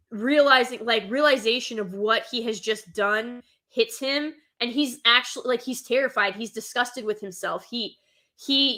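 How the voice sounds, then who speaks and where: Gushing, excitable woman, slightly high voice. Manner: gushing, excitable, lots of filler words. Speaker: host reviewing an animated film. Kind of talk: casual chat.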